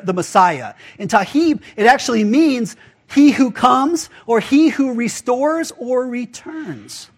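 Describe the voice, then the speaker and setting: A man pastor giving a casual, conversational sermon, full of rhetorical questions to the congregation. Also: high voice.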